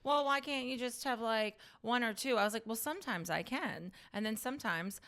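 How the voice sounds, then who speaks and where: A woman's voice: a little high, normal speed, fairly bright tone. A woman guest, a comedian, chatting candidly and animatedly on a podcast. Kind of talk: casual chat.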